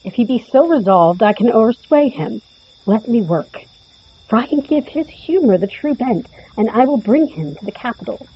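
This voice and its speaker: A woman playing a cunning, flattering Roman conspirator in an audio drama, speaking in a confident, smooth-talking way. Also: fairly high pitch, moderate pace. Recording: lo-fi with long reverb.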